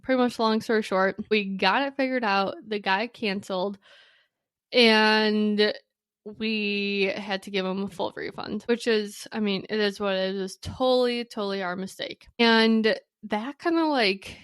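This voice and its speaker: A young adult woman from Wisconsin hosting a podcast, telling a story in a chatty, casual way, full of "like" and quick side notes. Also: mid-range voice, steady tone, a bit bright, smooth, no echo, clean studio sound. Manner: chatty, lots of "like", quick asides and apologies. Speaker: podcast host.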